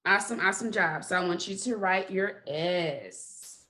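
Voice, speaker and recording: A woman's voice: on the low side, moderate pace, pushed and bright. A woman teaching a kindergarten phonics lesson, patiently stretching out sounds and praising often. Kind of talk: slow phonics lesson for young children.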